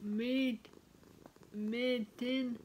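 A woman talks into her camera at home in a casual vlog. She says practice words slowly and carefully, one at a time, in a slightly high voice. Faint noise sits under the recording. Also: steady tone, darkish tone. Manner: slow, careful word-by-word practice; chatty, talks to her cat. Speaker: vlogger. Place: home, with a cat nearby.

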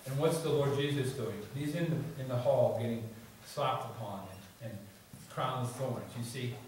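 A man's voice: medium pitch, normal speed, a little mellow. Man preaching in a very echoey church. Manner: conversational preaching, repeats words and adds "you see" and "okay?". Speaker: pastor. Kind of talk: sermon. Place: church sanctuary. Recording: very echoey church, distant mic, faint noise.

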